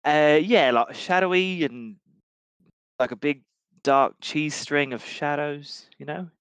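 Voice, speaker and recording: A man playing a tabletop game, rambling in a lively, casual way. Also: on the high side, slow pace, clean tone, no room sound. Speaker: player.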